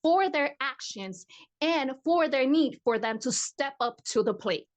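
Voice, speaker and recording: A woman's voice: sits high, lively intonation, measured pace. A woman co-hosting a podcast who argues her point with pointed, persistent questions in a casual discussion. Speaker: podcast co-host.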